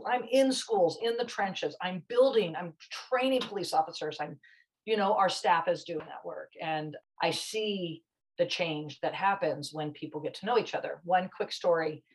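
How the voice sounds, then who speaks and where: A woman guest with a somewhat low voice tells a story with passion and emphasis. She talks in a chatty, animated way, pushing hard on her key points. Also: normal speed, low-quality recording.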